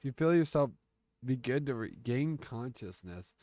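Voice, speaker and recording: A man's voice: mid-range voice, animated, moderate pace, dark tone, soft background music. A man streaming, reading a text game aloud and reacting with jokes and curses. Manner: reads the story aloud and jokes and curses along.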